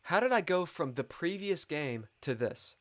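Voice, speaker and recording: A man's voice: on the high side, sing-song, normal speed. A man streaming a live chess game, muttering and swearing in frustration at his own moves, complaining of a dry mouth.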